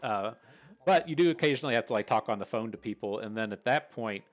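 Man, Appalachian West Virginia accent, lowish voice, casual rambling game commentary, swears a lot, faint background music. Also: expressive, quick pace. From West Virginia, USA. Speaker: gaming channel host.

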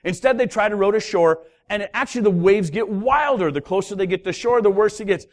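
A pastor preaching a sermon, telling a story with lively, acted-out voices of its characters. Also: male voice, high-pitched, brisk. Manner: animated storytelling, acting out voices of the sailors. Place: church hall.

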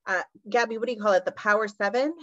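A woman co-presenting an online workshop, talking conversationally with quick asides. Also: medium pitch, over a noisy crowd. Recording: dull lo-fi, dry sound.

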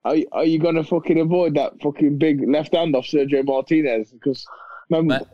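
A man's voice: a little high, steady tone, fairly quick, dry recording, highs cut off. A male boxer guesting on a podcast, talking casually, blunt and swearing, laughing easily. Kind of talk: casual chat.

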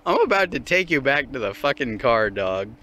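A man's voice: medium pitch, sing-song, normal speed, pushed and bright, slight background noise. A young man ranting casually while walking his dog, swearing often and laughing at it. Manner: profane, mocking, laughs often. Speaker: vlogger. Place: outdoors on a dog walk.

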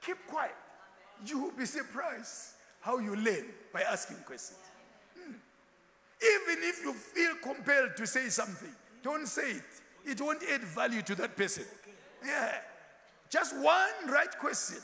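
Animated high-voiced preacher. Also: male voice, unhurried. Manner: animated, switching into Ndebele asides and acted quotes. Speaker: pastor. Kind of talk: sermon. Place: large church hall. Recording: echoey church hall.

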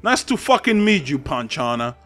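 A man's voice: on the high side, sing-song, normal speed, a bit bright, soft background music. A young man giving profane, trash-talking commentary over online gameplay at home. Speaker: gaming channel host. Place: home apartment with neighbors upstairs.

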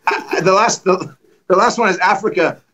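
Fast-talking high-voiced male preacher. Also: a loud crowd, low-quality recording. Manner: animated, acts out dialogue with lively voices. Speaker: guest preacher. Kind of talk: storytelling testimony.

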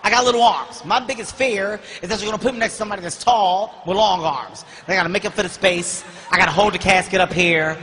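A man performing a stand-up comedy routine, telling a story animatedly and often shouting, recorded live on stage. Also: high-pitched, fast talker, few pauses, in a large hall, slight background noise. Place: comedy stage before large audience.

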